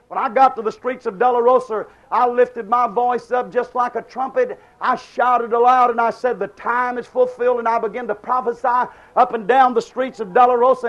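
A man preaching a fervent revival sermon, rising at times to shouts. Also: very high-pitched. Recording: dull lo-fi recording.

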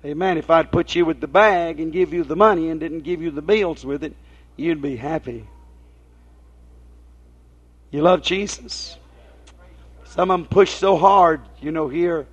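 Speaking unhurriedly with long pauses, a man with a fairly high, breathy-edged voice delivers a folksy sermon. He tells homespun tales and asks his listeners rhetorical questions, and the lo-fi recording sounds dull.

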